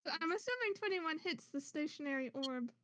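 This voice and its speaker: A woman talks casually as a player in a tabletop game. Her voice is very high. The sound is dry and close. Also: lively intonation, brisk, fairly bright tone, dry recording.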